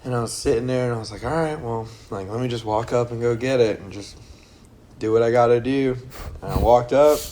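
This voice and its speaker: A man's voice: mid-range voice, fairly quick, warm tone, a little hiss or hum. A young man casually telling a long, rambling story to friends on a podcast, acting out quotes and swearing freely. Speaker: podcast co-host.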